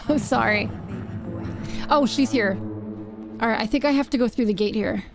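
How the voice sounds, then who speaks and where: A woman streamer telling animated stories while playing a game, acting out quotes and screaming when startled. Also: a little high, measured pace, music in the background. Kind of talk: casual storytelling while gaming.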